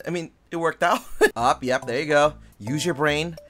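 A streamer commentating live gameplay, swearing, pleading and yelling at the game in frustration between calmer stretches. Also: mid-range voice. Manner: pleading and coaxing between outbursts.

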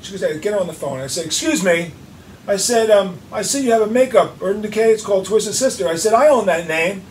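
A high-pitched man tells his story fast and profanely, playing both sides of each phone call himself. He sounds far from the mic in a roomy space, with clear noise behind him. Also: expressive. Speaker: guest musician. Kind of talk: animated storytelling in an interview.

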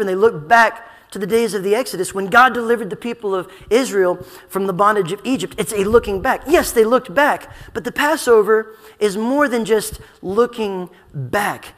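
A man preaching a sermon as pastor, emphatic and slowing down to stress scripture words, with a playful aside to the congregation. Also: high voice, a bit bright. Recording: long hall reverb.

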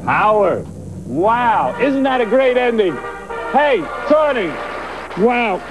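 A man's voice: very high-pitched, sing-song, takes it slowly, over music, rough recording. A man hosting a radio game show, teasing his guests and repeating their answers back with wisecracks. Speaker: radio host.

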